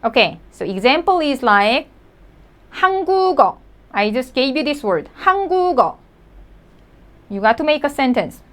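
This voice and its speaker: In a recorded language lesson, a woman teaches learners in a slightly high voice that moves through a very wide, animated range. She explains slowly, patiently, and deliberately, repeating each example word as she goes.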